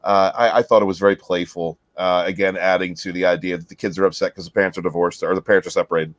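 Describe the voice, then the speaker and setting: A man's voice: deep voice, fairly even intonation, fast talker, no echo. A man co-hosting a podcast, joking crudely and swearing while he chats about a TV episode. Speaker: podcast co-host. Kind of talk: casual chat reviewing a TV episode.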